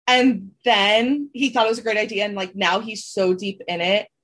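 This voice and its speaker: A woman's voice: medium pitch, fairly even intonation, moderate pace, a bit bright. A woman co-hosting a gossip podcast, chatting casually and going through her notes. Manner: chatty, reads from notes with laughs. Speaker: podcast co-host.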